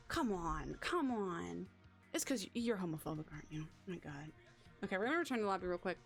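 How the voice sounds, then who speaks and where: A young woman streaming a game, chatting in a rambling, excitable, self-mocking way. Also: on the low side, fast, faint music behind. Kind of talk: casual live-stream chatter.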